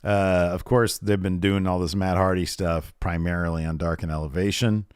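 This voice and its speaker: Excitable low-voiced man, lots of fillers. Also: normal speed, clean tone, no echo, studio quality. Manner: excitable, hesitant with many fillers. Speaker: podcast co-host. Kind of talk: casual wrestling recap chat.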